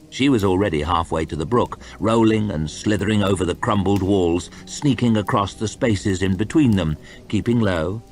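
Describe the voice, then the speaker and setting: A man reading a fantasy novel aloud in an expressive storytime style. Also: deep voice. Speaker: audiobook reader.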